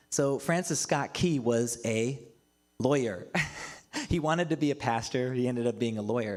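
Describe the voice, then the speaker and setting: Laughing, chatty pastor telling a story. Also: male voice, mid-range voice. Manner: chatty, laughs often between remarks. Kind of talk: storytelling sermon. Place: church livestream.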